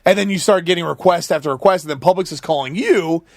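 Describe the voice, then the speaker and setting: Male podcast guest, high pitch, animated storyteller, dry close mic. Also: fast talker, no echo. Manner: animated, storytelling with acted-out quotes. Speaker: guest, food company founder. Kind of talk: casual podcast chat.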